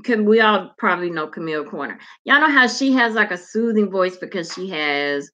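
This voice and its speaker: Bright-voiced woman chatting casually. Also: medium pitch, fairly quick. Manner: animated, laughs often, swears casually. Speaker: podcast host. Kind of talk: casual chat.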